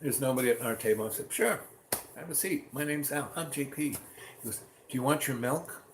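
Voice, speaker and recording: A man telling a rambling personal story in a casual, animated way, acting out what people said. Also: medium pitch, brisk. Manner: rambling, animated, acts out quotes. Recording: roomy with faint ambient noise.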